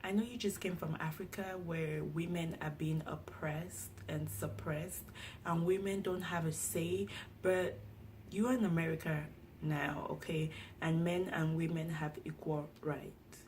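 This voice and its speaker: A condescending schoolteacher lectures in a hushed, half-whispered voice, as a woman mimics her. The delivery is slow and preachy, and it stays quiet and low. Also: fairly even intonation, a little hiss or hum, rough recording. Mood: patronizing.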